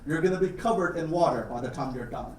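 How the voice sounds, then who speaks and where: A man's voice: fairly high pitch, quick pace, a little mellow. Canadian guy teaching a class, joking around, roomy sound, kinda far from the mic. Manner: playful, simple wording for learners, jokes. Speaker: guest lecturer. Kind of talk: classroom talk about his country. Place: classroom or lecture hall. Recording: roomy, distant classroom recording.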